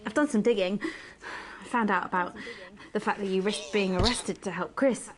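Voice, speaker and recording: An actress playing a TV news anchor in a game, speaking with a posh English accent in a smooth, mannered on-air delivery. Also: female voice, medium pitch, normal speed, a crowd in the background, close to an everyday voice. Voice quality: smooth, mannered sign-off delivery that turns pleading and obsessive. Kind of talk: scripted game acting.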